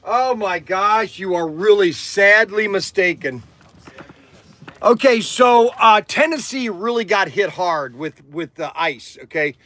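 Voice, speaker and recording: A middle-aged man from Southern Ohio hosting a casual livestream, rambling and animated, laughing often as he talks. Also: high-pitched, a little slow, no echo. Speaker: livestream host.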